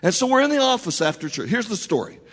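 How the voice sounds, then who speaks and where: A man preaching a sermon, telling a story to his congregation in an animated way with frequent restarts. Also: high-pitched, fast. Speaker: pastor. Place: church. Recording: long hall reverb.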